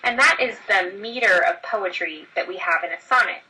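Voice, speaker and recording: Bright, breathy teacher explaining step by step. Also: female voice, medium pitch, normal speed, recorded from a distance, rough recording. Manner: explains step by step, addressing students directly. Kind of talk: screen-recorded lesson.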